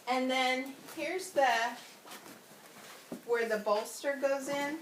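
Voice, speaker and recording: A woman talks slowly and loosely, full of ums and little laughs, and sounds out of breath as she works. Her voice sits a little high and comes from a distance in an echoey room at home. A steady hiss sits under it. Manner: chatty, rambling, many ums, laughing. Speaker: home video reviewer. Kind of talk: casual product demo. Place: at home, indoors. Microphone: camera set away from her. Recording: echoey room, off-mic, noisy.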